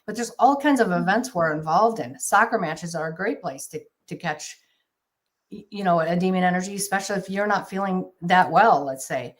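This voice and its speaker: A woman's voice: lowish voice, lively intonation. Earnest woman guest, keeps restarting, talking over a video call. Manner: earnest, halting, many restarts. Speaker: guest exorcist. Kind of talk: casual interview talk.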